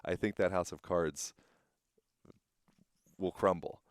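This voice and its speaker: A man's voice: sits low, slow pace, dry recording, studio quality. A man hosting a podcast outdoors, musing and thinking aloud in a casual, rambling way. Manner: musing, rambling, uses fillers like "like". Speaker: podcast host. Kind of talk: casual reflective conversation.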